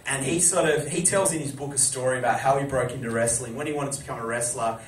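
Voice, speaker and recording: A man hosting a live chat show, telling stories to an audience and breaking into loud shouted impressions. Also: mid-range voice, fast, slight background noise. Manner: animated storytelling with shouted impressions. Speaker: host. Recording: echoey room from far off, crowd.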